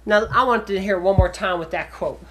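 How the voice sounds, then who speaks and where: Upbeat podcast co-host, animated man. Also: sits high, fairly quick, slight background noise. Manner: animated, promotional sign-off delivery. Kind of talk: casual podcast banter.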